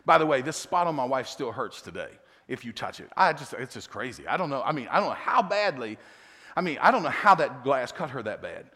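Chuckling middle-aged pastor in a reverberant hall. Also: male voice, medium pitch. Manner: animated, chuckling storyteller with quick asides. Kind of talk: sermon storytelling.

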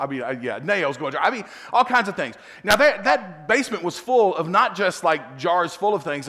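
A middle-aged man preaching a sermon, telling a family story with animated asides and chuckles. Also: fairly high pitch. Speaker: pastor. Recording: long hall reverb.

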